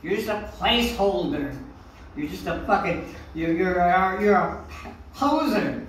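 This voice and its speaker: Brief: older stand-up comic, profane and rambling, mid pitch, booming echo, heard from afar in a club. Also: lively intonation, measured pace, a little hiss or hum. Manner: profane, rambling, loud swings. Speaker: stand-up comedian. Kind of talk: stand-up set. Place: comedy club stage. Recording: echoey room from a distant mic.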